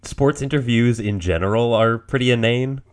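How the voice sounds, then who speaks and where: A man's voice: mid-range voice, moderate pace. A man co-hosting a casual podcast, making dry, laid-back remarks with small chuckles. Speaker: podcast co-host. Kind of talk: casual chat.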